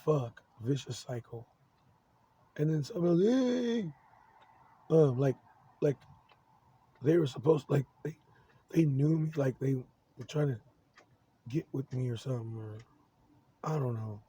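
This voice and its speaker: A man's voice: medium pitch, mellow, breathy edge, poor audio. A man in his forties talking in a rambling personal monologue, agitated and swearing constantly, stumbling over restarts. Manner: profane, agitated, halting with many restarts.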